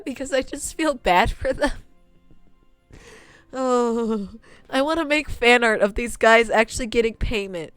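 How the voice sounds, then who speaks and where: A woman's voice: a little high, unhurried, a bit bright, clear, resonant tone, no echo, soft background music. A woman streaming a visual novel, talking casually and sarcastically at the characters, laughing in disbelief. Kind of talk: casual gameplay commentary.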